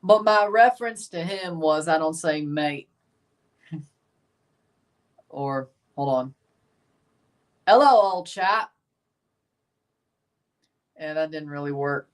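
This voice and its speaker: A man's voice: fairly high pitch, fairly even intonation, slow pace, long pauses, clean tone, recorded from a distance. A man with a Southern accent streaming live match reactions, chatting with viewers and exclaiming at plays. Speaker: watchalong streamer.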